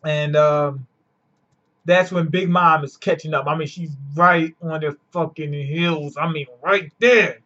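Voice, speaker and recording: A man's voice: a little high, steady tone, a little slow, sharp tone. A man reviewing a manga chapter in casual, profane slang, laid-back and chatty. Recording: lo-fi dull sound.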